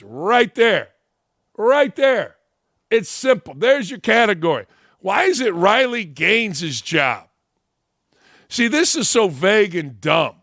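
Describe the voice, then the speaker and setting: A man's voice: high voice, fairly bright tone, no room sound, studio quality. A middle-aged man hosting a sports talk show, ranting bluntly and mocking his targets. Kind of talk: opinion rant.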